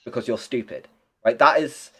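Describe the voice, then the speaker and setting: A man's voice: mid-range voice, normal speed, pushed and bright, breathy edge. Young man, podcast guest; blunt, rambling, casual swearing. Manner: rambling, blunt, swears freely, many restarts. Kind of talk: casual chat.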